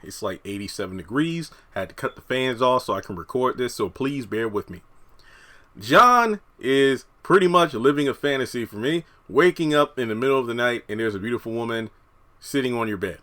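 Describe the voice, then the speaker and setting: With a mid-range voice and lively intonation at normal speed, a man reviews TV on YouTube in a pushed, bright tone. His talk is casual, rambling and filler-heavy, and he's slightly breathless from the heat of a room with its fans turned off.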